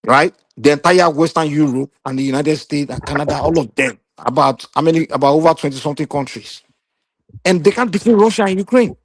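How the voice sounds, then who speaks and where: A man's voice: a little high, gravelly, dry recording. A man hosting a casual discussion, rambling with many fillers and restarts, talking through a phone.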